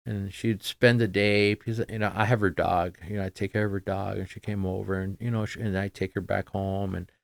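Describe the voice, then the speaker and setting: A middle-aged man with a low, gravelly voice talks as a podcast guest. He speaks in a halting, subdued way, trailing off into fillers. The sound is close and dry, with no room around it. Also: little pitch movement, no room sound. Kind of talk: casual conversation.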